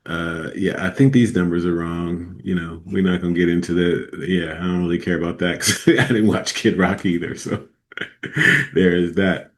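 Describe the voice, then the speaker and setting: A man's voice: low-pitched, fairly even intonation, normal speed. A man hosting a casual commentary show, talking in a laid-back, rambling way with frequent chuckles and fillers between played clips. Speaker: host.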